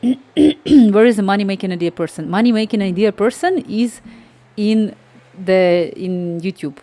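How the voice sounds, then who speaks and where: A woman with a non-native English accent chatting casually on a live coding stream from home. She talks haltingly, hunts for words and laughs lightly. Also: mid-range voice, dark tone.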